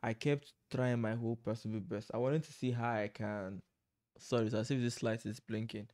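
A vlogger speaks casually to camera from home at night through a desk microphone, rambling and breaking off to laugh at himself. His mid-range voice is a little mellow, with fairly even intonation at normal speed.

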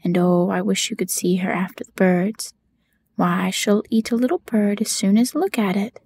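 A woman voicing an eager, plaintive little girl in a whispered role-play, softly pleading. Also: medium pitch, moderate pace, a little hiss or hum, natural voice.

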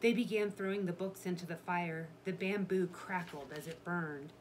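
A woman reading a children's chapter book aloud in a steady storytelling manner. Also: lowish voice, moderate pace, slight background noise. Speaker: reader.

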